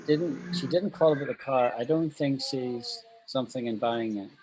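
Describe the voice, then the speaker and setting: A man's voice: mid-range voice, normal speed, a crowd in the background, poor audio. A man teaching an online English class, patiently drilling pronunciation over a video call.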